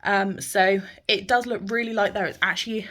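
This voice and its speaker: A woman's voice: medium pitch, steady tone, normal speed, fairly bright tone. Chatty British woman vlogging at home. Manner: chatty, rambling, with many fillers. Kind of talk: casual chatty vlog. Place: home being decorated.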